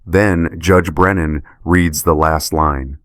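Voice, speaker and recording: A man's voice: rumbling low, steady tone, takes it slowly, no echo, clean studio sound. A man narrating a scripted first-person story in short, clipped sentences.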